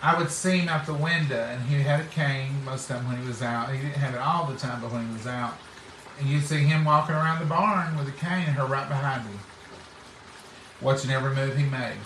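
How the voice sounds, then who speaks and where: A middle-aged man talks fairly quickly at a medium pitch, his tone a bit bright, as he shares folksy homespun stories in casual chat and acts out people's words. A little hiss or hum comes through on a roomy recording made with a distant mic.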